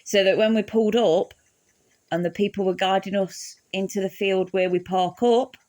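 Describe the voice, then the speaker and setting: A woman's voice: mid-range voice, fairly even intonation, moderate pace, darkish tone. A woman telling a funny personal story in a casual, swearing, laughing way. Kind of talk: casual anecdote.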